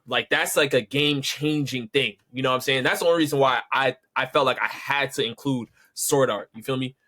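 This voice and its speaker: A man co-hosting a podcast in casual chat, animated and slangy, repeating himself as he argues. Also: mid-range voice, a little fast. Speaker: podcast co-host.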